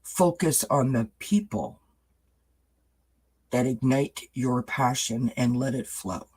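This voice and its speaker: A man's voice: medium pitch, animated, slow pace, a little mellow, husky, rough recording. A man giving a live-streamed tarot reading, reassuring his viewers and greeting the chat by name. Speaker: tarot reader.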